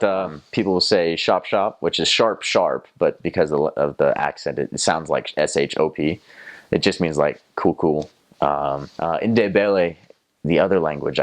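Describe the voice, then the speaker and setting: A young man with an extremely deep, low voice tells a relaxed, rambling story straight to the camera. He pauses often with ums and uhs and tries out foreign words as he talks. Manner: rambling, many fillers, imitates foreign words. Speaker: former missionary recounting languages learned.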